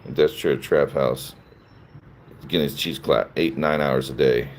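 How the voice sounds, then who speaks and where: A man's voice: very deep voice, fairly even intonation, a little slow, slight background noise. A man hosting a livestream, reading chat comments and answering them in a sarcastic, mocking way with frequent laughs. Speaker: livestream host.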